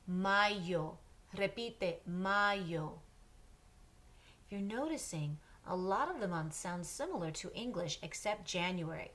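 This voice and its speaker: A woman leads a children's Spanish lesson at an unhurried, deliberate pace. Her voice sits a little low. She switches between English and Spanish and stops after each word so the class can repeat it. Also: animated, a bit bright. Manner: patient, pauses for repetition. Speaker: Spanish teacher. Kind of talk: slow drill lesson for children.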